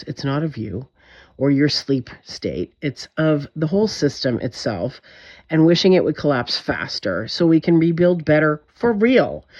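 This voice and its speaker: A woman's voice: sits low, a little mellow, highs cut off. A woman vlogger in a direct-to-camera monologue, talking in an intense, emphatic way, frustrated and swearing often.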